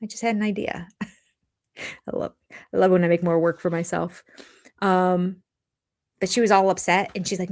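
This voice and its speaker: An older woman chats live with her viewers, her voice sitting a little low. She rambles casually, restarting her sentences and slipping into quoted asides as she goes. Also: flat delivery, normal speed, pauses often, a little mellow. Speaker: livestream host of a reality TV recap channel.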